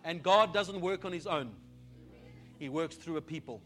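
A man preaching a sermon to his congregation, moving from quiet urging into fervent declarations that rise to shouts. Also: a little high, normal speed, loud music behind the voice. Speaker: pastor. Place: church service.

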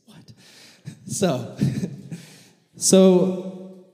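A man preaching a sermon, telling a vivid story and acting out the voices of its characters in an animated way. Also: sits high, drawn-out words. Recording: echoey hall with long reverb.

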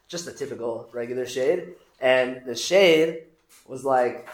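A man hosting a casual talk, retelling a story in a lively, joking way. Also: medium pitch, normal speed, roomy sound. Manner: lively, jokey retelling with acted quotes. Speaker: host. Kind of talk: casual storytelling on the weekly portion.

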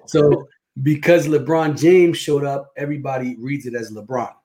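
A man's voice: medium pitch, fairly even intonation, normal speed, mellow. A middle-aged man from New Jersey, a guest imam, telling stories in an easygoing way and dropping in Arabic phrases. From New Jersey, USA. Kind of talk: casual interview talk.

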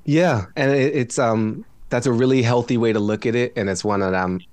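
A tired man, guesting on a podcast from home, chats casually in a mid-range, slightly mellow voice at a moderate pace. The studio mic gives a dry recording, and he's reflective and jokey, laughing often.

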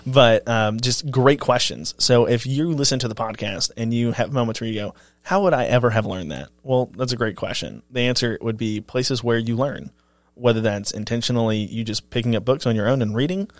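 A man, a pastor co-hosting a church podcast, talking in a relaxed, self-deprecating way. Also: mid-range voice, moderate pace, hardly any pauses, dry recording. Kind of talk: casual chat about sermons.

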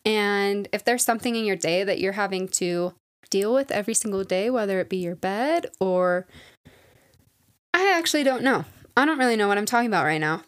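A young woman talks into her own podcast mic in a loose, casual chat. Her voice sits in an ordinary middle pitch, and she rambles with self-deprecating asides, addressing her listeners as "you guys.". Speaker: podcast host.

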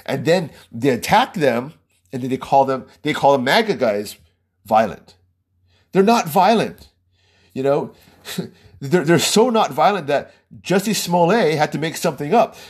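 A man's voice: a little high, lively intonation, measured pace, husky. A man hosting his own small podcast, giving a heated, rambling political monologue and laughing between points. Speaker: podcast host.

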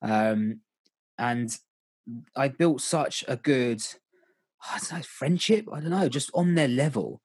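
A man's voice: mid-range voice, slow pace, long pauses, a little mellow, breathy edge, no echo. A young man casually telling stories about coaching kids, candid and rambling, often restarting his sentences. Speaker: volunteer youth coach. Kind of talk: casual storytelling chat.

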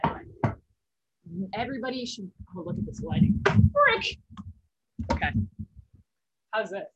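A nineteen-year-old woman hosts a comedy club video call, chatting and doing a self-mocking stand-up bit with exaggerated deadpan bragging over her laptop mic. Her voice is medium-pitched, husky and a little slow. The recording is dry and dull.

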